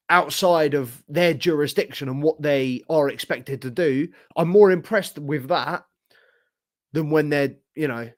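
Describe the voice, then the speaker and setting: A young man hosting a live football reaction stream, casual and sweary, his voice hoarse from shouting. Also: on the high side, no echo, clean studio sound. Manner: casual, sweary, slangy, talks to chat. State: losing his voice. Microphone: streaming setup with camera.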